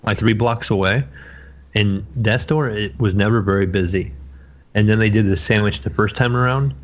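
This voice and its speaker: A man co-hosting a gaming podcast, reading listener questions and telling stories in a measured way. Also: lowish voice. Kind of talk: casual chat. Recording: dull lo-fi audio.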